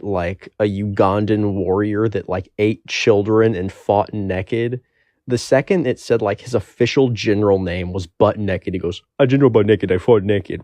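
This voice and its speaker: A man's voice: fairly low pitch, a little mellow, dry recording. A young man telling a rambling, profane story in a casual storytime monologue.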